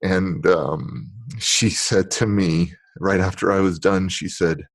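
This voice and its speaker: A middle-aged man, a guest on a podcast interview, telling a deeply personal story in an earnest, emotional way that builds into motivational encouragement. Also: slow pace, few pauses.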